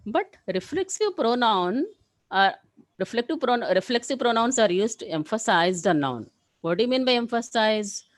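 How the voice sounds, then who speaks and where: A woman teaching a live English grammar class, explaining rules step by step and often checking with "clear?". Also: lowish voice, no room sound, rough recording.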